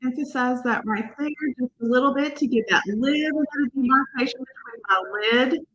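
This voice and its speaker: A woman with a fairly high, bright voice and a husky edge walks through a makeup look step by step. She is chatty and casual, and now and then quizzes the viewers. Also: moderate pace, low-quality recording. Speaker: makeup artist demonstrating products.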